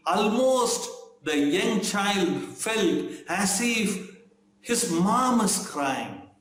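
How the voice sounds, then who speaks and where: Slow, earnest male storyteller. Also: sits high, fairly bright tone. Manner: earnest, emotional, halting with pauses and restarts. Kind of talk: devotional storytelling. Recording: roomy echo.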